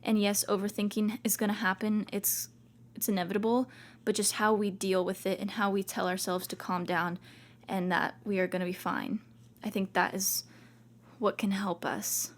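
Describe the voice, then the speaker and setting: A young woman hosting a podcast gives a casual self-help talk, chatty and reassuring, as if talking to herself and using lots of "like"s. Her mid-range voice has little pitch movement, at a moderate pace.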